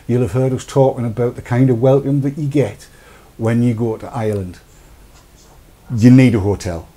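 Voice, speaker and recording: A middle-aged man from Britain hosts a casual live stream. His voice is mellow and warm, sitting at an ordinary pitch, and he rambles in a jokey, friendly way, trailing off and picking up again. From United Kingdom. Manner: chatty, jokey, reads viewer comments aloud. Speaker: show host.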